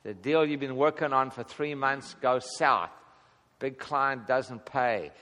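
A man's voice: mid-range voice, slow pace, bright, forceful tone. A man teaching a casual Bible study to a small group, chuckling often and acting out the prayers he quotes. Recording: long hall reverb.

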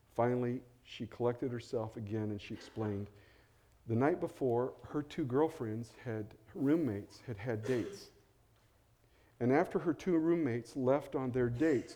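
A middle-aged pastor tells stories during a sermon in a conversational style. When he quotes people, his voice drops soft and low.

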